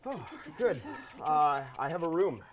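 A man's voice: fairly high pitch, sing-song, unhurried, slight background noise. A man performing in a live improv comedy scene, hesitant and apologetic.

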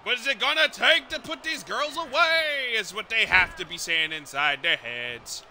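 High, sharp-voiced shouting male commentator. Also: lively intonation, moderate pace, slight background noise. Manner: shouting, exclaiming, swearing. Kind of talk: excited play-by-play commentary.

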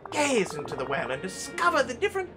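A man's voice: very high voice, wildly swooping pitch, fast, pitched above the performer's own voice, exaggerated voice. A man voicing a solemn old male wizard, reading game dialogue aloud in a raised, theatrical voice. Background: game music.

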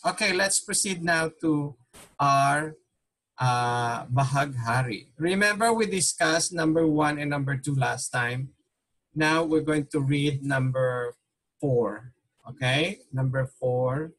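A man's voice: a little high, takes it slowly, fairly bright tone. A man teaching an online Tagalog class, patiently repeating questions and mixing Tagalog with English.

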